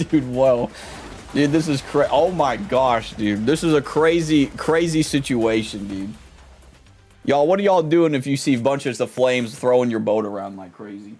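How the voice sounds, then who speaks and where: A man streaming a video game, excitable and slangy, laughing often as he reads along. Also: mid-range voice, unhurried. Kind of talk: let's play stream commentary.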